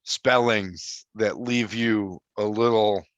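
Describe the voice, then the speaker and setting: A man's voice: lowish voice, fairly even intonation, takes it slowly, no room sound. Chatty man, slightly dull lo-fi sound. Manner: chatty, acts out his own thoughts as quotes. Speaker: podcast co-host. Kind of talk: casual movie review chat.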